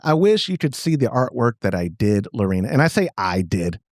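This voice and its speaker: A man's voice: medium pitch, big pitch swings, brisk, a little mellow, no echo, clean studio sound. A man hosting a podcast, chatting in a jokey, rambling, self-mocking way over a video call. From Texas. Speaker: podcast host. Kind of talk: casual chat.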